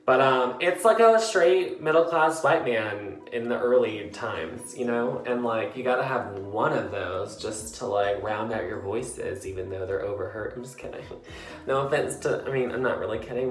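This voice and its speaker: A tipsy book vlogger sits in his bathtub in a tiled bathroom, rambling casually about books with lots of fillers and giggles. His medium-pitched voice is expressive, slightly bright, and measured in pace, and the echoey room carries faint music.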